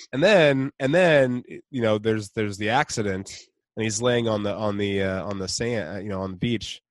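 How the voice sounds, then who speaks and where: A man's voice: fairly low pitch, normal speed, dry recording. A man co-hosting a podcast in casual chat. He talks enthusiastically, laughs often and acts out quotes. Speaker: podcast co-host.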